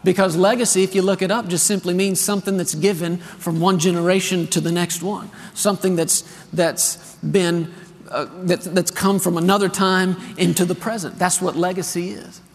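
A man's voice: sits high, moderate pace, hardly any pauses, long reverb tail. A man in his thirties preaching a sermon, telling a story and calling on the congregation to answer back. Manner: storytelling, animated and earnest, calls for responses. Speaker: pastor. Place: large church hall.

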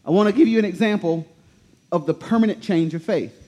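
A man preaching a sermon to a congregation, telling the story animatedly and repeating key words with slow emphasis. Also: high-pitched, darkish tone. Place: church in front of a congregation.

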